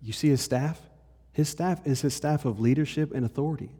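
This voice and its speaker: A man's voice: on the high side, a little fast, breathy edge. Male pastor preaching in a reverberant hall. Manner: conversational preaching, shifts between animated and hushed. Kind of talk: sermon.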